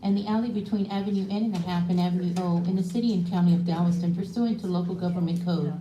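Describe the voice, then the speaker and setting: Woman rattling off agenda items fast. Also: lowish voice, steady tone, mellow, reverberant, a little hiss or hum, low-quality recording. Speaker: city secretary reading the agenda. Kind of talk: formal reading of an agenda item. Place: council chamber.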